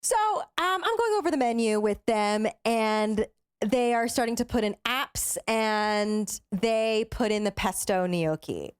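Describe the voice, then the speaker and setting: Animated young woman telling a story. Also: a little high, unhurried, smooth. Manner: animated, acts out quoted voices, filler-heavy. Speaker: podcast co-host. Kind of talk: casual storytelling.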